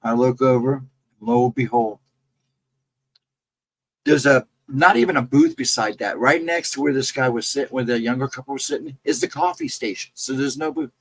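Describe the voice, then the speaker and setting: A man's voice: mid-range voice, moderate pace, low-quality recording. A man casually recounting his own ghost encounters in a rambling, self-correcting way. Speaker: guest storyteller.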